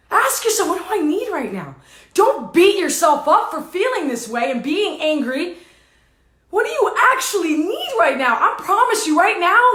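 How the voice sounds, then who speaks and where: A woman with an extremely high, slightly bright voice speaks emotionally to her viewers as a spiritual teacher, repeating intense affirmations and casually swearing. At times she sounds tearful and dizzy, and the recording has a roomy echo.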